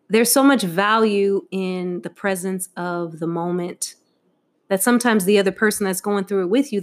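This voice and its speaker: A middle-aged woman telling a heartfelt personal story about her mother, candid and laughing often. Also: mid-range voice. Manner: candid, laughing often, acting out quoted voices. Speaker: guest sharing a Mother's Day tribute.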